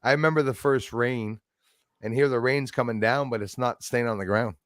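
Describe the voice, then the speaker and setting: Dude rambling and laughing, plain mid voice, dry sound. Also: male voice, mid-range voice, moderate pace, fairly bright tone, no room sound. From Quebec, Canada. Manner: laughs often, rambling, crude jokes. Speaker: channel host. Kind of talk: casual chat.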